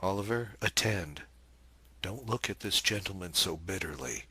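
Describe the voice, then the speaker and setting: A man's voice: deep voice, normal speed, bright, forceful tone, slightly rough, dry recording, full character voice. Man voicing a gaily mocking young wife. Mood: soothing, firm. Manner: light, coolly teasing questions.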